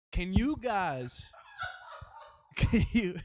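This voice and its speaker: A man's voice: fairly high pitch, normal speed, no echo. A young man chatting casually as a podcast co-host, telling stories with acted-out quotes and frequent laughter. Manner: animated storyteller, laughs often, acts out quotes. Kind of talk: casual chat.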